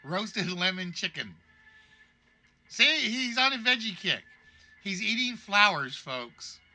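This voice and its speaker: Guy hosting a streamed game show, higher voice, really bright and sharp, faint music behind. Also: sing-song, slow. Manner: chatty, joking, reads out players' guesses.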